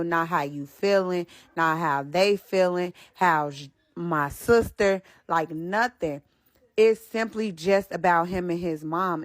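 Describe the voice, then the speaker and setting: A pregnant woman telling a storytime vlog, speaking straight to her viewers and repeating phrases for stress. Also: lowish voice.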